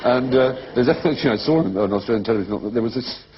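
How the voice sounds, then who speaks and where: An Englishman speaking as a guest on a comic panel show, witty and animated, often slipping into quick impressions of other people. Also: medium pitch. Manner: witty, animated, mimics voices. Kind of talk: comic studio chat. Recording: muffled TV recording with steady background noise.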